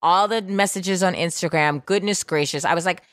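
A woman's voice: fairly low pitch, moderate pace, no echo, studio quality. A woman in her thirties hosting a podcast in casual chat, playful and brash, swearing freely. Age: 30s. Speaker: podcast host.

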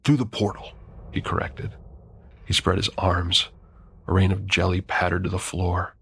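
A man narrating a horror story in a measured, grim first-person telling. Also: low voice, monotone, creaky, fairly bright tone, slight background noise.

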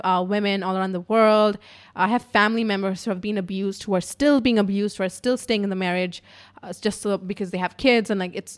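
A woman's voice: mid-range voice, a bit bright. A young adult woman hosting a podcast, telling a story in a casual monologue, swearing often and filling her talk with "like". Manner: chatty, swears often, fills with "like". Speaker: podcast host.

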